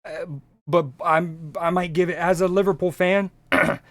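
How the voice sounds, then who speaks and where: Man, streamer, casual reaction chat, rambling, profane, fairly high voice, dry. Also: level tone, normal speed, a bit bright, dry recording. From United States. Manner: rambling, profane, restarts often.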